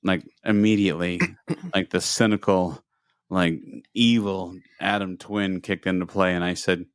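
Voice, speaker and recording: Male podcast co-host, low voice, animated storyteller who voices the people he quotes, dry recording. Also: a little slow, clear, resonant tone, no room sound. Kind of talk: casual storytelling chat.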